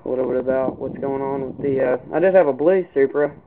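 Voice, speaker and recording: A man's voice: medium pitch, fast, creaky. A young man from Kentucky, speaking, giving a casual, rambling walkthrough of his car project outdoors in the cold, with many fillers and restarts. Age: young adult. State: out of breath. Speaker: car hobbyist. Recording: tinny lo-fi camera audio with hiss.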